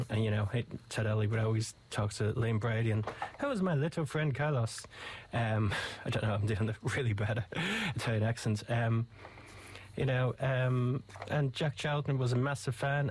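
Irish guy on the radio, rambling chatty host, mid pitch, easygoing. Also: a little mellow. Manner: rambling, conversational, enthusiastic. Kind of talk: casual radio chat.

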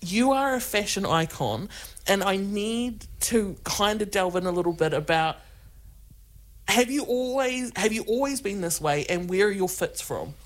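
Brief: New male host, high bouncy voice, playful and teasing. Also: animated, measured pace. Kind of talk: casual interview chat.

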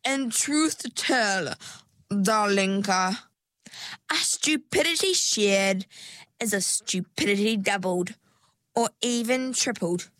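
A woman voicing a sly, sugary female sea creature who speaks slowly with sweet menace. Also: mid-range voice, animated, a bit bright, no room sound. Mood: syrupy. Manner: sweetly menacing, slow and syrupy.

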